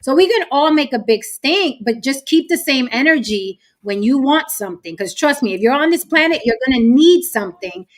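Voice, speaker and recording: A woman's voice: high-pitched, animated, normal speed, hardly any pauses. A woman hosting a casual panel discussion, stressing her points by repeating them.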